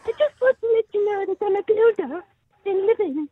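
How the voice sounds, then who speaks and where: A shrill, prim old English lady, as a male caller puts her on, all sweet, slow politeness. Her falsetto sits very high and dry, and it wobbles on every phrase. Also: animated, no echo, narrow, tinny audio. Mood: sugary. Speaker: radio caller.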